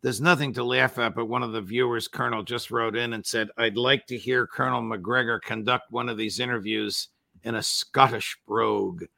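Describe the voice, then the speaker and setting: Gravelly older man hosting an interview. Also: medium pitch, steady tone, moderate pace, bright, forceful tone, dry recording, studio quality. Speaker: host.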